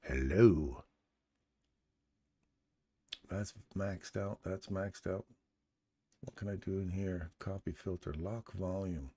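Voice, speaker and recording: A man's voice: low voice, flat delivery, unhurried, warm tone, breathy edge. A man hosting a live trading stream, chatting casually and joking while talking himself through his audio settings. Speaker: trading livestream host. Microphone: studio condenser mic.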